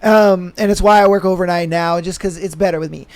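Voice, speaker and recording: A man co-hosting a podcast, telling a profane story in a casual, animated way with lots of fillers. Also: high-pitched, fairly quick. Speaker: podcast co-host. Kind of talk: casual chat.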